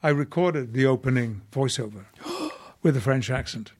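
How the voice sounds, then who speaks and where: An older man, an actor who is a guest on a podcast, telling stories in a measured, wry way. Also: medium pitch, expressive, a little mellow, husky. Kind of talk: casual podcast interview.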